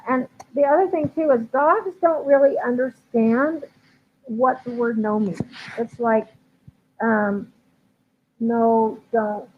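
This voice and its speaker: A woman dog trainer answering viewer questions in a casual live stream, chatty with frequent ums and likes. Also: a little high. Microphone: livestream computer mic. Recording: tinny phone-like line with faint hiss.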